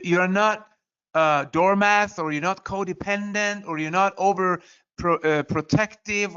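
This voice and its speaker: Over a somewhat muffled, lo-fi recording, a man delivers an earnest motivational talk in a high, bright voice whose tone is clear and resonant. He pushes his points firmly, dropping "you know" again and again.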